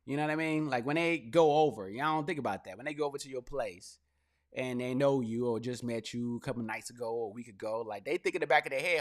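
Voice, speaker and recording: A young man hosting his own podcast, talking casually and with energy, swinging into loud, laughing mock rants. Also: medium pitch, fast talker. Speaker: podcast host. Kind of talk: casual commentary monologue.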